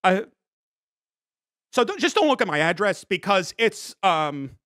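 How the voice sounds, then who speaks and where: A man's voice: high-pitched, big pitch swings, a little slow, fairly bright tone, no room sound, studio quality. A young man streaming a comedy bit, rambling defensively through restarts and apologies. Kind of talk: improvised comedy bit as a scandal-hit streamer.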